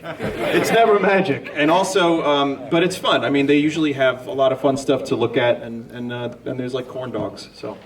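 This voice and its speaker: A man's voice: medium pitch, moderate pace, a crowd in the background. A man on a comedic convention panel, rambling and joking self-deprecatingly as he answers audience questions. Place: large convention hall with an audience. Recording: distant mic in a crowded hall.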